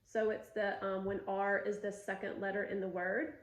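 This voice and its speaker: A woman speech teacher giving patient, step-by-step coaching, stretching out sounds slowly to demonstrate them and following with brief praise. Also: medium pitch, level tone. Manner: gives short coaching cues and praise. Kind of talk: instructional demonstration. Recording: roomy echo.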